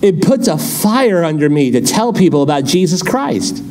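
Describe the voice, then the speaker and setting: Middle-aged male pastor, Californian accent, lively preaching voice, mellow tone, faint noise behind. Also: a little high, moderate pace. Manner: animated, exhorting, folksy asides. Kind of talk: sermon.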